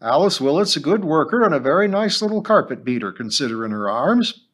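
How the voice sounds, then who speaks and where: A man's voice: a little high, big pitch swings, a little fast, pitched above the performer's own voice. A man voicing a resentful older woman who cleans the school, speaking heavily and with barbed, complaining remarks. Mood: grudging. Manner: heavy, barbed, loud complaining.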